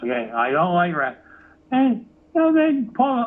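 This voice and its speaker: Male rock musician, animated and profane, high voice; thin phone-line sound. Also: normal speed. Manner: swears freely, acts out quotes. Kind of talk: animated storytelling interview. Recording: phone-like narrow audio.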